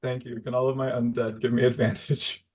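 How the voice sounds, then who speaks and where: A man's voice: medium pitch, little pitch movement, a little fast. A man playing in an online tabletop game, dry and joking in casual chat. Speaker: player.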